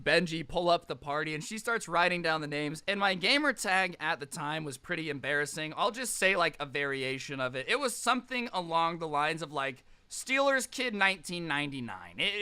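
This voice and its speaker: Young man, sarcastic storyteller, bright voice, slightly high. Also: normal speed, few pauses, clear, resonant tone. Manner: sarcastic, animated retelling. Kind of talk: casual storytime.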